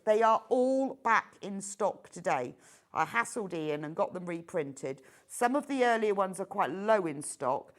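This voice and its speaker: A middle-aged woman presenting a live sewing shopping show, chatty and enthusiastic. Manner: chatty, enthusiastic, lively pitch swings.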